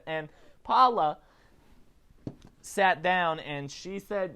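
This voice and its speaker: A man hosting a casual celebrity news show, chatty and animated, often tagging his lines with "okay?". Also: fairly high pitch, slow. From not British. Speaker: host.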